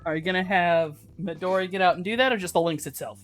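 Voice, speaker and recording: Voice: medium pitch, fast talker, faint music behind. A game master narrating a live tabletop game in a casual, swearing, filler-heavy way.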